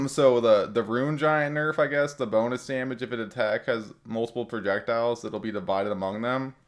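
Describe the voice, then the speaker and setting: A man's voice: mid-range voice, fairly even intonation, moderate pace. A man giving casual commentary on game updates as a content creator, rambling in loose slang with lots of filler words.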